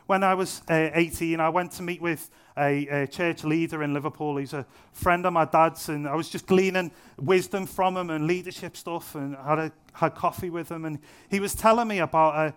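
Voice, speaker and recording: A man's voice: on the high side, normal speed, hardly any pauses, clean tone. A young man preaching a sermon in a church, casual and humorous, driving points home by repeating them. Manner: conversational, self-deprecating humour, emphatic repetition. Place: church venue.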